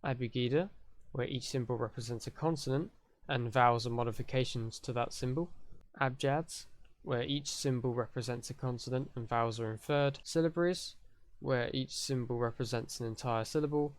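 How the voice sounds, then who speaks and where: A man's voice: mid-range voice, normal speed. Chatty British man teaching. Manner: chatty, explains step by step. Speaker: tutorial host. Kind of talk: casual online lesson.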